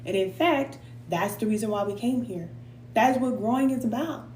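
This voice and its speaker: A woman's voice: a little high, moderate pace, darkish tone, a little hiss or hum. Heartfelt woman spiritual reader, echoey room. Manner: heartfelt, preacherly, slips into casual Black American slang; sometimes emotional and sighing. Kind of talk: live tarot reading and motivational talk.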